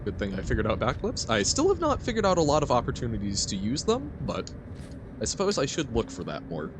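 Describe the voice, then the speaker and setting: A man's voice: medium pitch, huge pitch swings, brisk, noisy background. A man streaming a video game, chatting casually and reading chat aloud with frequent giggles. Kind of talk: casual gameplay commentary.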